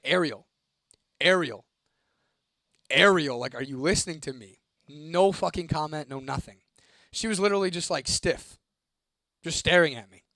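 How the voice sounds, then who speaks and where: Young man, fairly high voice, dry close sound, casual storytelling, lots of swearing. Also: no echo. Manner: profane, animated, reads a viewer comment aloud. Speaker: host.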